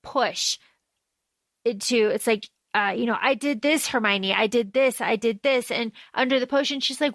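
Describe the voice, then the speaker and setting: A woman co-hosting a casual fan podcast, talking fast and acting out quoted lines in shifting voices. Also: no room sound. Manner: animated, acts out quoted lines in lower or higher voices. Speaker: podcast co-host.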